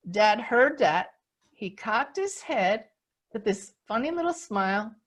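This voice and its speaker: An older woman hosting a spiritual talk on a video call, telling a story with lively acted-out moments. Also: medium pitch. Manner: animated storyteller, acts out scenes. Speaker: spiritual teacher and host.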